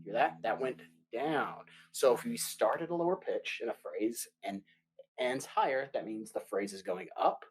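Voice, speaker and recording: A man teaching an elementary music lesson for children, explaining patiently and slowly with playful asides. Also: medium pitch, very animated, gravelly. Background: guitar playing.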